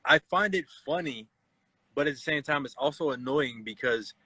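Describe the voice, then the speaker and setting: A man in his forties, mid-range and slightly rough with a sharp tone, hosts a casual live chat at a normal speed, spinning stories and acting out the voices of people he quotes. The recording is dry and the audio quality is poor.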